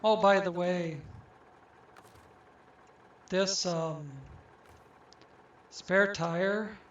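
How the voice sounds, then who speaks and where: A man casually talking to himself as he plays a truck game, musing slowly and thinking aloud. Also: sits high, steady tone, highs cut off, a little hiss or hum. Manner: slow, musing, talks to himself. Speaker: gaming channel host. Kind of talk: casual gameplay commentary. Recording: roomy, distant mic.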